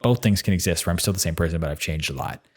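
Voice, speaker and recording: A man's voice: low-pitched, very fast, darkish tone. A man in his twenties talking casually on his own podcast, rambling with lots of fillers. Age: 20s. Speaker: podcast host. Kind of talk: solo podcast monologue.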